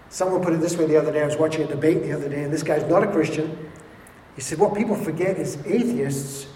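A man preaching a sermon with passion, swinging between loud and hushed delivery. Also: a little high, slight background noise. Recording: echoey hall with faint ambience.

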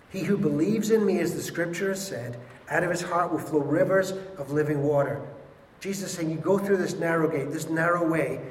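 A man preaching a sermon with passion, swinging between loud and hushed delivery. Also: a little high, a little hiss or hum. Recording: echoey hall with faint ambience.

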